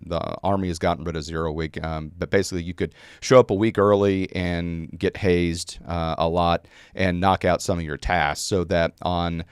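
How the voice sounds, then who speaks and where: Middle-aged male guest, low smooth voice, rambling anecdotal delivery in a dry room. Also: steady tone, moderate pace, few pauses, no room sound. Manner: rambling with many fillers and restarts. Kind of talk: storytelling in a conversation.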